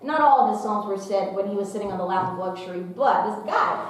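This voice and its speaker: A woman's voice: medium pitch, animated, fast, distant mic. A woman giving a youth workshop talk, playful and humorous, reading quotes with dramatic flair. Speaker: workshop speaker. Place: large echoing meeting room. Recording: very echoey hall, off-mic, faint hiss.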